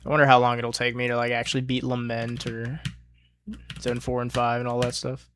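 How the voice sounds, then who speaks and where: Profane, excitable male streamer talking to himself. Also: mid-range voice, brisk, a little hiss or hum. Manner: profane, excitable, talks himself through attempts. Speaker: streamer playing a platformer. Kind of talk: casual self-talk while gaming.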